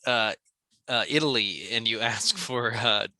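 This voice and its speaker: A man's voice: mid-range voice, measured pace, pushed and bright. A young man co-hosting a podcast in casual chat, joking and laughing often. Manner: jokey, laughs often, puts on goofy voices. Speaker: podcast co-host.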